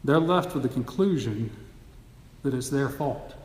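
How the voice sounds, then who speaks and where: A man's voice: mid-range voice, animated, unhurried, a little mellow. Earnest preacher man in an echoey hall. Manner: earnest teaching, building to emphatic repetition. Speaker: pastor. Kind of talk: sermon. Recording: echoey hall, long reverb.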